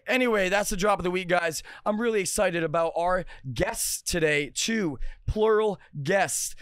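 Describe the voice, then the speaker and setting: A male podcast host telling stories in a casual, energetic, joking way at a restaurant bar. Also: sits high, dry recording, studio quality. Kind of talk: casual storytelling chat.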